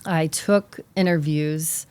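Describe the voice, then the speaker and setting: A young woman with a Boston accent telling her career story as a guest, animated and quick in bursts with filler words. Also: low voice, smooth. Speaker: investment specialist guest. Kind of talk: casual interview storytelling.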